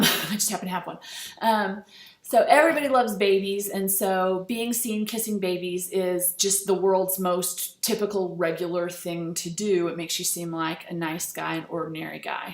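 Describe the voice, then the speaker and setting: Woman teacher, casual screencast lecture, loose and filler-heavy, roomy echo. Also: lowish voice. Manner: relaxed, chatty, with many fillers. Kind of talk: recorded lecture over slides. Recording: echoey room.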